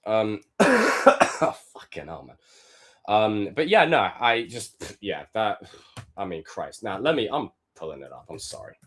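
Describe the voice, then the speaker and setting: A young man live-streaming, reacting to film clips with animated, profane commentary and sudden loud outbursts. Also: on the low side, measured pace, breathy edge.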